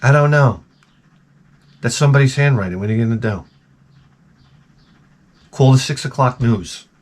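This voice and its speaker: A man's voice: mid-range voice, normal speed. A man hosting his own video channel, delivering a crude, profane, rambling comedic rant to camera. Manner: jokey, exaggerated. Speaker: YouTube host.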